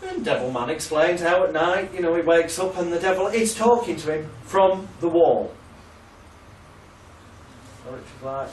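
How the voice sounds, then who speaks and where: Male trainer, casual and sweary, slightly high voice, recorded from a distance in an echoey room. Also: normal speed, pauses often, slight background noise. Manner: swears freely, laughs at own stories, loose and chatty. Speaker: hypnotherapy trainer. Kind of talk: casual storytelling lecture.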